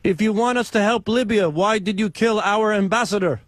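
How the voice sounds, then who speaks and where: A man's voice: sits high, normal speed, voice pushed up, natural voice. A man doing an accented prank caller. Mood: mock-earnest. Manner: questions in blunt broken English.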